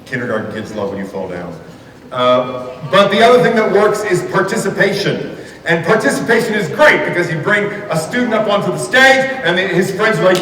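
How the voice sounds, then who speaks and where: A male storyteller speaks at a school assembly in a high voice, heard from a distance in an echoey hall. He tells comic stories to the audience in an animated way, acting out the people in them.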